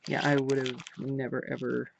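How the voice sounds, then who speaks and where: A woman's voice: extremely low pitch, little pitch movement, moderate pace, vocal fry, a little hiss or hum. A woman vlogger chatting casually while unboxing crafts, gushing and repeating her praise. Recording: dull lo-fi home recording.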